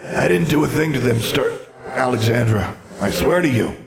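A man voicing the ghost of an aging wizard in a fantasy audiobook, speaking softly and kindly, trying to placate. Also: mid-range voice, expressive, moderate pace, creaky, crowd noise, pitched above the performer's own voice. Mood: calm, pleading. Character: gentle regretful ghost of an aging male wizard.

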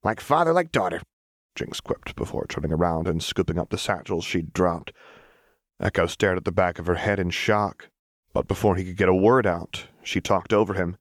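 A man reading fan fiction aloud in a measured, even narration. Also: deep voice, dry recording, clean studio sound. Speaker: audiobook reader.

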